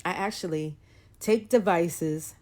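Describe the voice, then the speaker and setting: A woman singer chats straight to her viewers and tells stories in a loose, animated way. She slips into the voices of the people in her anecdotes. Her voice sits on the low side. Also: takes it slowly. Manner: chatty, animated, acts out voices in her story. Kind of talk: casual storytelling to viewers.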